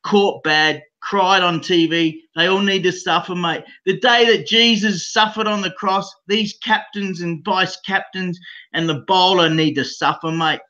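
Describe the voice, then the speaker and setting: A man's voice: sits high, fairly even intonation, measured pace, sharp tone, dull audio. An Australian man on a call, rambling in crude casual banter, profane and rowdy, forever saying mate. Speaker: call-in guest.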